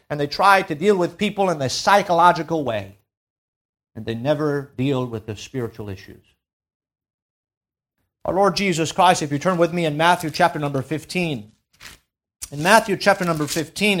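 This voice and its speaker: A man's voice: sits high, fairly bright tone. A man preaching a sermon, emphatic, rising and dropping in volume and asking the congregation to fill in words. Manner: emphatic, swells and drops in volume.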